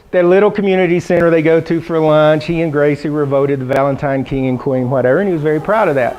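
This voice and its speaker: A middle-aged man gives a funny keynote address to a conference audience. He tells his stories with lively energy and slips into the voices of the people he quotes. His voice sits a little on the high side. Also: fast talker, highs cut off. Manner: animated storytelling, acts out quoted voices. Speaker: keynote speaker. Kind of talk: humorous keynote speech. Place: conference hall.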